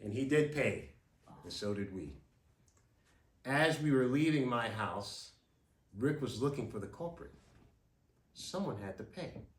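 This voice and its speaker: Man, dramatic storytelling speech, lively pitch, echoey room. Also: measured pace, long pauses. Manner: dramatic, vivid. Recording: roomy, from a distance.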